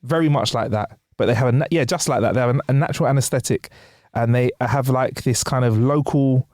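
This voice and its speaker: A man's voice: mid-range voice, brisk, darkish tone, dry recording, clean studio sound. A young man co-hosting a podcast, casually sharing facts and laughing often. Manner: laid-back, sharing facts with frequent laughs. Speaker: podcast co-host. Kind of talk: casual chat.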